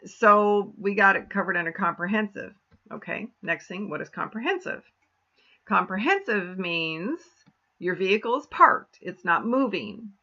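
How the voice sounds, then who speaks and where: Chatty gravelly middle-aged woman explaining. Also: mid-range voice, animated, a little slow, pushed and bright, muffled recording. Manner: chatty, storytelling, conversational. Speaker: author explaining car insurance. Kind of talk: casual explainer vlog.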